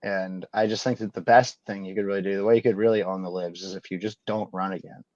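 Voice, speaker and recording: A man's voice: sits low, fairly even intonation, fast, darkish tone, no room sound, lo-fi sound. Sarcastic man riffing on city politics. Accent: Massachusetts. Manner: sarcastic, mock-mimicking. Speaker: podcast co-host. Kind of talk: casual comedic commentary.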